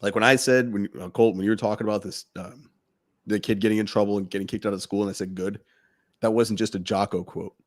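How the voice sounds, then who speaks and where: Podcast co-host, male, low voice, blunt profane rant that builds up steam. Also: fairly even intonation, fast talker.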